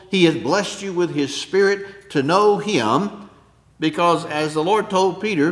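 Unhurried preacher man in a reverberant hall. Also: on the high side, sing-song. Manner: unhurried, clears throat often, rises to emphatic peaks then drops soft. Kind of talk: sermon.

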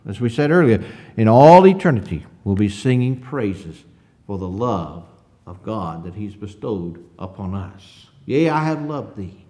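A man preaching a conversational sermon. He asks the congregation rhetorical questions and reads scripture slowly. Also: on the low side, big pitch swings, warm tone.

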